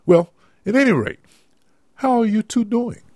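A man's voice: sits high, expressive, unhurried, mellow, no room sound, studio quality, voice pushed up. A man voicing a sheepish, lovestruck married man in an amateur audio drama, speaking earnestly. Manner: earnest, swooping intonation.

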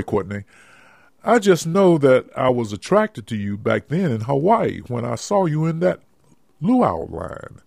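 A man's voice: medium pitch, gravelly, darkish tone, no room sound, studio quality, heavily acted. A man voicing a sheepish, lovestruck married man in an amateur audio drama, speaking earnestly. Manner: earnest, swooping intonation.

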